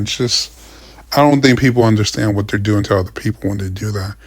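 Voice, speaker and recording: A man's voice: on the low side, level tone, measured pace, long pauses, no echo. Swearing, frustrated young man ranting. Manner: profane, frustrated, rambling with restarts. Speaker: vlogger. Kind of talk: casual rant.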